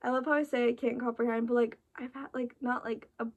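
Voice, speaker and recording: Rambling young-sounding woman with vocal fry. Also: a little high, steady tone, quick pace, lo-fi sound. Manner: rambling, emotional, full of "like" and restarts. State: tired. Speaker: vlogger reacting to an album. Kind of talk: casual rambling chat.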